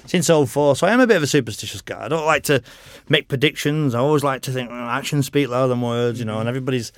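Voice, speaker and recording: With an expressive, medium-pitched voice at a racing pace, a middle-aged motorcycle racer rambles through stories as a podcast guest. Swearing freely and laughing often, he keeps the interview casual, captured on a dry recording with clean studio sound.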